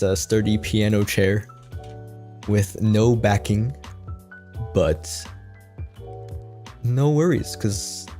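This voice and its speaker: A man's voice: lowish voice, darkish tone. A man streaming from his piano, reading a storybook and chatting casually with his chat, easily amused. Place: at a piano in a home streaming setup.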